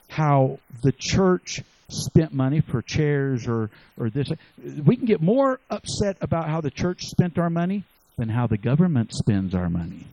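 A man preaching, his voice a little higher than most men's, lurching from shouted lines down to muttered asides. He often restarts his words and chuckles. The sound is close and dry, with no room around it. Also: no room sound, muffled recording. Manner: animated, swinging from shouts to low asides. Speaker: pastor. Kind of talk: sermon.

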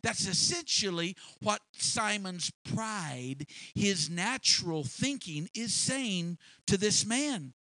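A fiery male pastor preaching with a bright, ringing voice a touch higher than most men. He repeats phrases and builds to shouts. The sound is close and dry. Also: lively intonation, takes it slowly, hardly any pauses, no room sound. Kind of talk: sermon.

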